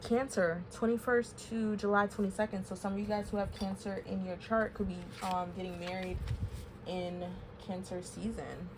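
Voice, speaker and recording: A woman's voice: mid-range voice, steady tone, normal speed, noisy background. Candid chatty woman tarot reader. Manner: candid, emotional, chatty with fillers. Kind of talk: casual spoken tarot reading.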